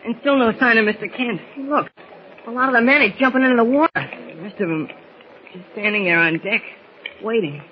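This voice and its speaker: An actor playing a plucky, excitable teenage boy sidekick, in 1940s radio acting. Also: very high-pitched, brisk. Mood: anxious. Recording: hissy dull old radio recording.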